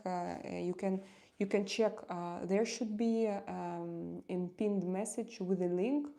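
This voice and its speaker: A woman, chatting frankly on a live stream and answering viewer comments, halting often to restart her sentences. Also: mid-range voice, mellow. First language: Russian.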